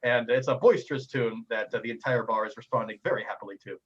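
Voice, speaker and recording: A man narrating a tabletop game as game master, a lively storyteller who often stumbles and repeats words. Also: medium pitch, quick pace, breathy edge, highs cut off.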